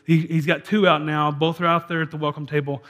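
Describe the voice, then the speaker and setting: A man's voice: on the high side, flat delivery, brisk, a bit bright. A man preaching a sermon as a church pastor, talking in a conversational way with frequent restarts.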